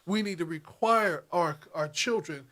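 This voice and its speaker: A man with a fairly high voice co-hosts a political talk show. He speaks emphatically and hammers his points home through repetition, rising in intensity like a preacher. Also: a little slow, sharp tone. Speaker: co-host.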